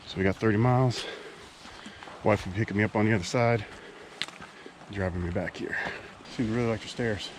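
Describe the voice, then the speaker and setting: A hiking vlogger in his thirties narrates casually as he walks a wooded trail, relaxed and chatty with lots of fillers, while wind and nature sounds fill the background. His voice is fairly low and fairly quick, with frequent pauses.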